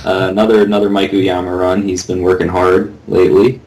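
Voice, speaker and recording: A man appearing as a guest on a live chat show, talking in a halting, playful way with repeated words, over a home microphone on an online call. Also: low-pitched, level tone, noisy background.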